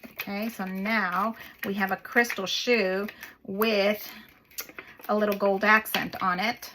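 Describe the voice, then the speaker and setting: A woman's voice: mid-range voice, unhurried, bright, forceful tone, a little hiss or hum. A woman hosting a paper craft video, chatting casually as she works and gushing over the little details.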